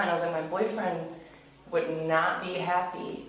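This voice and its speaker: A woman's voice: low-pitched, little pitch movement, moderate pace. A young woman casually retelling events, chatty and full of fillers, acting out what others said. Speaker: interviewee recounting an incident. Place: interview room. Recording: echoey room, far from mic, hiss.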